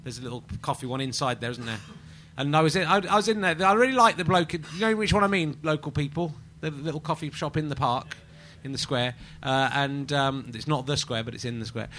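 Bright-voiced rambling English comic host. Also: male voice, on the high side, brisk, hardly any pauses, slight background noise. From England. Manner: rambling, mock-indignant, jokey. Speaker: podcast host. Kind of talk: live stand-up podcast chat. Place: small live venue with an audience.

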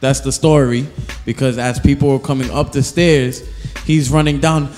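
A man's voice: mid-range voice, fairly even intonation, normal speed, a little mellow, in a large hall, soft background music. A man co-hosting a podcast, telling stories in casual, joking chat. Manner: storytelling, loose and joking. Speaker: podcast co-host.

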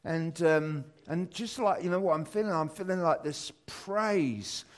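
British guy in his 50s doing a church talk, chatty and rambling, lots of ums, gets really excited. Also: on the high side, unhurried. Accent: British English. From Britain. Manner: rambling, animated storytelling with many fillers. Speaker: church speaker. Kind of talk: sermon with personal story.

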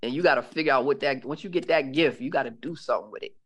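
A man's voice: mid-range voice, racing. A man guest on a radio show, talking about his brand in a rambling way with many restarts. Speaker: guest, clothing brand owner. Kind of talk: casual radio interview. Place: radio studio.

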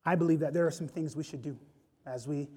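A man's voice: a little high, quick pace, darkish tone, slightly rough. A man preaching an impassioned sermon, rising and falling in intensity. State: choked up with emotion.

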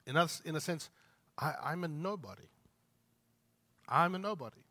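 Bright, forceful male preacher. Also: fairly high pitch, expressive, moderate pace, pauses often. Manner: emphatic preaching, repeats phrases and asks rhetorical questions. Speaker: pastor. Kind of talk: sermon.

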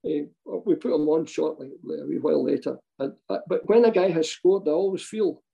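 An older Scottish man, once a football manager, rambles through anecdotes, chuckling, restarting, and acting out voices in quotes. His voice sits on the high side with a creaky, mellow quality at a moderate pace, captured in lo-fi sound.

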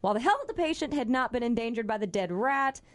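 A woman's voice: fairly high pitch, fast talker. A woman co-hosting a radio talk show, reading odd news stories with giggles. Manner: giggly, animated.

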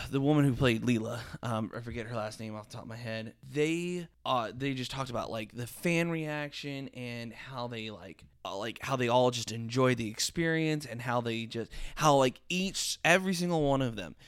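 A man's voice: mid-range voice, moderate pace, hardly any pauses, clean tone, dry recording. Guy rambling on about a cartoon, lots of ums and likes, super clean dry mic. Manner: rambling, many fillers and restarts. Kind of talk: casual review chat.

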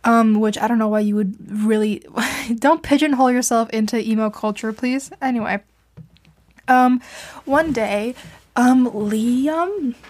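A woman's voice: on the high side, a little slow, darkish tone. Chatty young woman rambling with a laugh. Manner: chatty and self-deprecating, laughs often, many fillers. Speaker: podcast host reviewing fan fiction. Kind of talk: casual rambling monologue. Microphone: home mic she adjusts herself.

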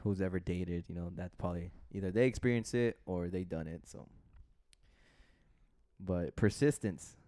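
Male podcast co-host, low and smooth, dry close sound, casual animated storyteller. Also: moderate pace, no echo. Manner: animated storytelling, acts out quoted voices; swears casually. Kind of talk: casual chat.

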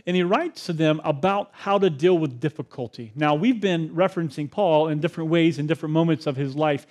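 A man with a notably high voice for a man preaches a sermon from the pulpit. He keeps it conversational and drops in playful, joking asides between his points. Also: brisk, a little mellow. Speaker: pastor.

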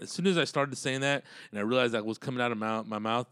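A man's voice: medium pitch, quick pace, fairly bright tone, smooth, dry recording, studio quality. A man telling road stories in a casual, profane, rambling monologue and laughing often.

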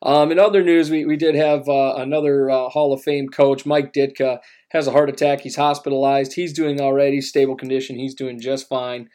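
A man's voice: mid-range voice, little pitch movement, fairly quick, warm tone. A man co-hosting a casual sports podcast, talking in a laid-back, rambling way with lots of fillers and restarts. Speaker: podcast co-host.

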